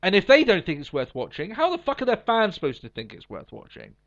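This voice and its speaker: A man's voice: high-pitched, huge pitch swings, quick pace. A man co-hosting a wrestling podcast, talking in a blunt, opinionated way and swearing freely. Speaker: podcast co-host. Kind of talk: casual wrestling chat. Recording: slightly dull lo-fi sound.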